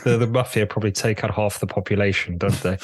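A man's voice: on the low side, steady tone, fast, dry recording. A man co-hosting a podcast in casual chat, hesitant with many fillers and laughs. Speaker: podcast co-host.

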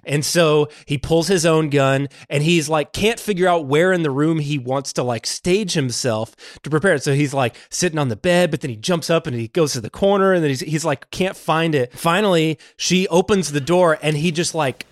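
A man's voice: on the high side, moderate pace, hardly any pauses, no room sound, studio quality. A man co-hosting a podcast, casually retelling a film's plot and swearing freely as he goes. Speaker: podcast co-host. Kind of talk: casual movie recap chat.

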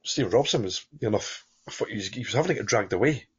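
A man's voice: on the low side, expressive, fast talker, husky. A Scottish man co-hosting a football podcast, talking casually in long rambling turns full of fillers. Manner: rambling, many fillers and restarts, chuckling. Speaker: podcast co-host. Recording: dull lo-fi podcast audio.

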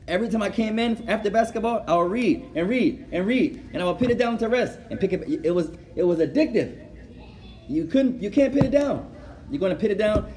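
A man giving a religious lecture, telling a story lively and acting out conversations, often adding Arabic phrases and laughing as he goes. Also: sits high. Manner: animated, acts out dialogue, code-switches with Arabic phrases; laughs while telling stories. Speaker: Islamic teacher.

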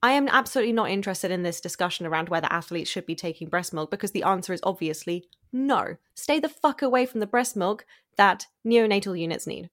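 A woman's voice: mid-range voice, animated, quick pace, fairly bright tone. A woman co-hosting a podcast, talking in a blunt, indignant way and swearing now and then. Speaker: podcast co-host. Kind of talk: casual review chat.

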